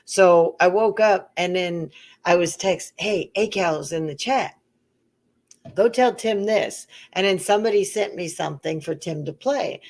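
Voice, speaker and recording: A woman's voice: on the low side, unhurried, darkish tone. Woman streamer, casual chat, teasing, laughs a lot, plays out quotes. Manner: teasing, laughs often, acts out quoted voices. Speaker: livestream panel co-host.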